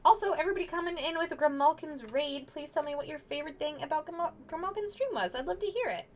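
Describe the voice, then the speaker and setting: An American woman, a young adult, streaming as a digital artist and chatting casually with viewers, playful and quick to laugh, often restarting her sentences. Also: high-pitched, expressive, a little hiss or hum. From United States.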